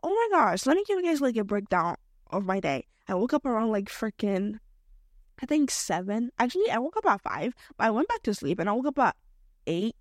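A woman's voice: on the high side, a little fast, dry recording. Chatty young woman, dry close sound. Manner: chatty, slangy and expressive, jumping between topics. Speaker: podcast host. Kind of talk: casual solo podcast chat.

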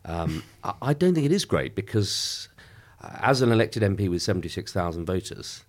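Deep-voiced MP, emphatic. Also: male voice, sing-song. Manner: measured, emphatic, with many restarts. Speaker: member of Parliament. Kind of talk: political interview.

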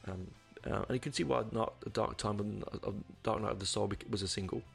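Gravelly low-voiced man reviewing an album. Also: fairly even intonation, brisk, soft background music. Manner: rambling, hesitant, lots of ums and restarts. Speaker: music reviewer.

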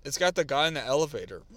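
A man's voice: a little high, fast, no echo. A man co-hosting a podcast, telling stories in casual chat with lots of fillers and restarts. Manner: animated storytelling with lots of fillers. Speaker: podcast co-host.

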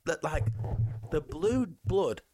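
A man's voice: a little high, slow, a little hiss or hum. A man co-hosting a casual film podcast, ranting and mocking the film as he drinks, with the hiccups. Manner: animated, swearing, mocking voices in quotes. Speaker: podcast co-host. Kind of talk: casual film commentary chat.

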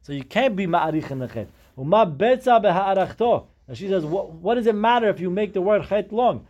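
A man's voice: sits high, lively intonation, brisk, few pauses, darkish tone, lo-fi sound. Man teaching Talmud, Hebrew terms mixed in. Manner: explains step by step, mixing Hebrew terms into English. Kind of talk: Talmud class.

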